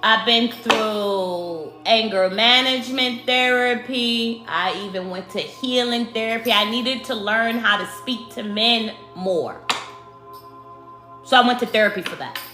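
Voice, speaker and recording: A woman from Brooklyn with a New York accent, giving a spiritual tarot card reading to her viewers in slow, emphatic speech that addresses them as the collective. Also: fairly high pitch. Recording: echoey room with faint music.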